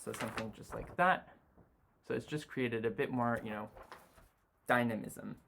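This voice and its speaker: A man's voice: medium pitch, normal speed, gravelly, a little hiss or hum. Man talking through a sketch. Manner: relaxed, talks while drawing, many "you know" fillers. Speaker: design tutor. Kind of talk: sketching demonstration.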